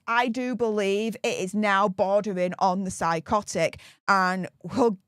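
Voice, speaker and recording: A woman's voice: on the high side, dry recording, studio quality. A British woman giving casual, sarcastic commentary as a vlogger. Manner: sarcastic, animated.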